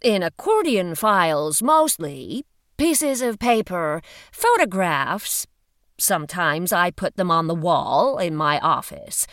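A forthright woman investigator, as read by a female narrator speaks with lively swings in pitch and a brisk, chatty eagerness. The sound is close and dry, as in a booth. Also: no echo, exaggerated voice. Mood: chatty, candid. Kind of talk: audiobook reading.

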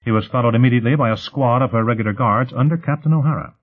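A man reading a novel aloud in an even, measured narration. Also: mid-range voice. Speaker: audiobook narrator. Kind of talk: scripted narration. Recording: tinny phone-like sound.

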